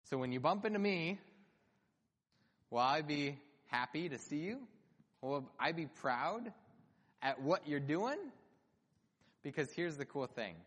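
Earnest pastor preaching in a reverberant church. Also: male voice, fairly high pitch, expressive, slow, long pauses, a bit bright. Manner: conversational, earnest preaching with emphatic lifts. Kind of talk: sermon. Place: church sanctuary. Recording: long hall reverb.

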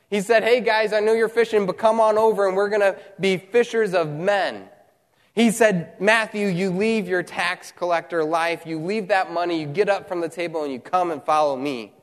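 An earnest male pastor with a fairly high voice delivers a sermon, swinging between animated storytelling and slow, weighty pauses. His words ring out in a church hall with a long trailing reverb. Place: church hall, also streamed online.

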